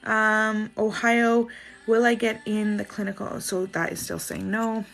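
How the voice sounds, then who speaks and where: A Canadian woman reading viewer questions on a livestream and giving quick answers, with soft apologetic asides. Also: medium pitch, level tone, creaky. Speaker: spiritual reader doing live dowsing rod answers.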